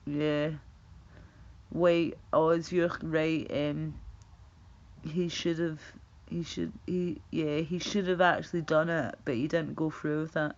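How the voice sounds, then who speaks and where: A woman's voice: low-pitched, fairly even intonation, takes it slowly, lo-fi sound. A Scottish woman livestreaming, chatting casually and rambling as she reacts to viewers' comments. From Scotland.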